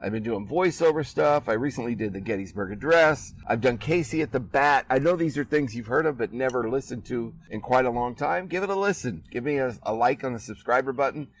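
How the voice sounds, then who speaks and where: A man's voice: medium pitch, lively intonation, brisk, hardly any pauses, far from the mic, low-quality recording. A man from Iowa hosting a podcast, chatting casually and laughing easily, recorded outdoors in a backyard. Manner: laid-back, laughing, chatty. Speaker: podcast host. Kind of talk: casual chat.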